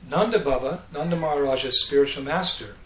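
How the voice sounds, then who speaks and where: A man giving a devotional talk, telling scripture stories in a lively way and acting out the characters. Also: fairly high pitch, fairly quick, slight background noise. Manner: animated, acts out characters, laughs often. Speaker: speaker. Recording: echoey room with faint ambience.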